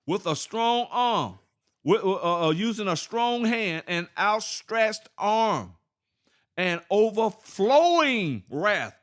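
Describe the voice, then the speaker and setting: A man with teaching scripture informally, asking rhetorical questions, laughing and reading verses slowly. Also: sits high, big pitch swings, fairly bright tone. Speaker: Bible teacher.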